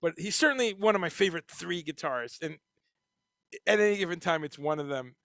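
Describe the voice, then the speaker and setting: A man hosting a casual livestream, reading chat comments and talking in a profane, animated way. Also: fairly high pitch, fairly quick, no room sound. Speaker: livestream host.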